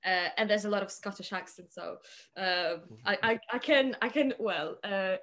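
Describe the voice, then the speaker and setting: A young woman from Poland with a Polish accent, chatting as a podcast guest, hesitant, with many pauses and restarts. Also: medium pitch, a bit bright. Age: young adult. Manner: hesitant, many fillers and restarts, laughs often. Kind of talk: casual podcast chat.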